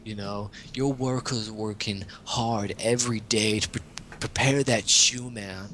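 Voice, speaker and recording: A man's voice: fairly low pitch, fairly even intonation, unhurried, slight background noise. A man doing a drawling hippie dude. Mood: laid-back. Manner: drawling, mellow, says "man" a lot. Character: laid-back male hippie personifying socialism.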